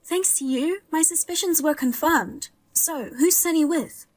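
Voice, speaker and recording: A woman plays a heavily pregnant young wife with a high, light voice. She is suspicious and indignant, with a wry, grim humor in this dramatized story. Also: unhurried. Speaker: pregnant daughter-in-law.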